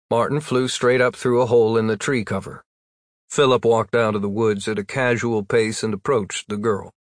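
A man narrating a story in a plain, even storytelling voice. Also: fairly low pitch, moderate pace, no room sound, studio quality. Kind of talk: audiobook narration.

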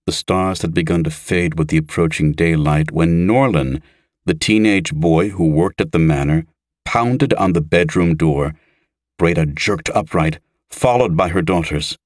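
A man narrating a fantasy audiobook in a measured, even manner. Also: low voice, dry recording, clean studio sound.

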